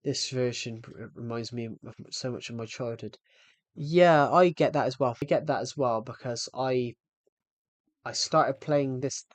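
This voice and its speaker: A man's voice: mid-range voice, unhurried, no echo. A man in his twenties chatting casually on a live game stream, a little out of breath and rambling as he restarts his sentences. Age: 20s.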